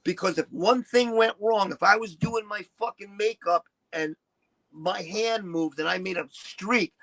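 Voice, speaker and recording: A high-voiced profane man in his sixties. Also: measured pace, creaky, rough recording. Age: 60s. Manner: profane, animated, acts out quotes. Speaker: interview guest, retired shock-rock performer. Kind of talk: candid storytelling interview.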